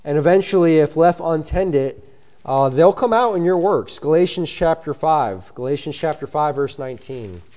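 A man's voice: on the high side, animated, normal speed, mellow. Earnest man preaching a sermon. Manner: reads scripture in King James wording, preaching earnestly.

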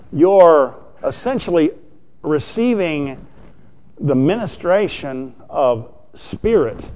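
A man's voice: a little high, warm tone. A man preaching a sermon as pastor, talking in a conversational way and putting frequent questions to the congregation.

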